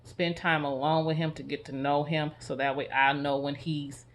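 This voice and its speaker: A man speaking in a personal, reflective vlog, earnest and confessional, often halting and restarting his sentences. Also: on the high side, little pitch movement, fairly bright tone, slight background noise. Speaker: vlogger.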